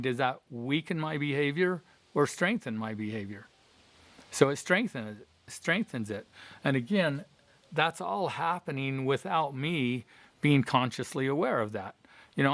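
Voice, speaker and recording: A man's voice: medium pitch, fairly bright tone, no echo. A middle-aged man giving an earnest motivational talk, explaining with personal stories and questions to the viewer. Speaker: life coach.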